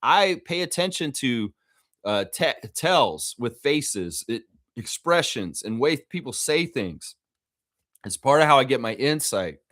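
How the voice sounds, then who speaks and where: A man's voice: mid-range voice, sing-song, takes it slowly, fairly bright tone. A man hosting a fan show, ranting in a heated, profane, indignant way to a co-host.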